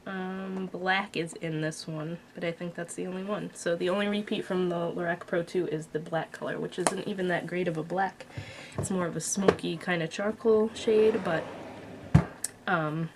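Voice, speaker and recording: A woman's voice: lowish voice, steady tone, moderate pace, noisy background. A woman vlogger casually reviewing a makeup palette, chatty and blunt with frequent fillers. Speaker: beauty vlogger.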